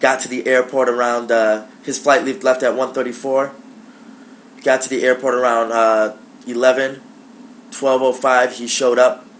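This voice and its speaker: Young male vlogger, casual and profane, animated storytelling, mid pitch. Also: normal speed, slight background noise. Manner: animated, profane, acts out dialogue. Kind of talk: casual personal storytelling to camera.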